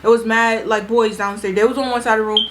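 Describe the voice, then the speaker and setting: A woman's voice: on the high side, fast, noisy background. A young woman retelling a party story in a chatty, slangy way, acting out what people said. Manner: chatty, animated, slangy retelling with acted-out quotes. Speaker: storytime vlogger. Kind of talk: casual storytime vlog.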